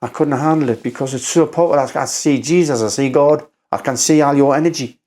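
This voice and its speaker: A man's voice: a little high, darkish tone. Emotional man telling a story. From North East England. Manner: halting, repeats himself, swears. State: emotional, near tears. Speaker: podcast guest, former doorman.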